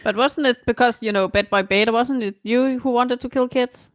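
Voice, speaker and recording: A woman chatting casually on a livestream with friends, reacting quickly and giggling. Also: on the high side, dry recording. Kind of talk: casual group chat on a livestream.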